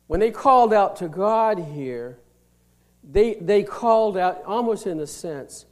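A man preaching a sermon, reading scripture slowly and explaining it plainly, swinging between loud emphasis and hushed, near-whispered lines. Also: high voice, animated. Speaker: pastor.

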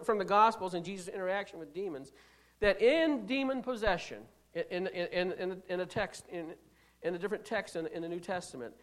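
Emphatic preacher with restarts. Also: medium pitch. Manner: emphatic, rhetorical questions to the congregation; swings between loud stresses and quiet asides. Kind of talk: sermon.

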